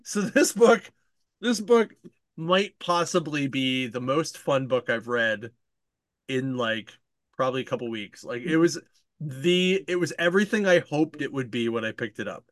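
A man's voice: medium pitch, animated, unhurried, a bit bright, no echo, clean studio sound. A man hosting a casual book chat, recapping a plot in a rambling way, laughing often and leaning on lots of fillers. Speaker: podcast host reviewing books.

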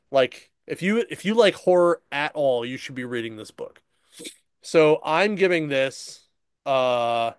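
A man casually retelling a comic book story on a podcast, rambling and slipping into quick character asides. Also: medium pitch, clear, resonant tone, no room sound, clean studio sound. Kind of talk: casual chat.

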